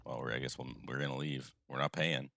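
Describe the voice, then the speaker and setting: Very deep, gravelly laid-back streamer. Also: male voice, flat delivery, brisk, fairly bright tone, slight background noise. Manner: laid-back, amused asides. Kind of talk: casual game commentary.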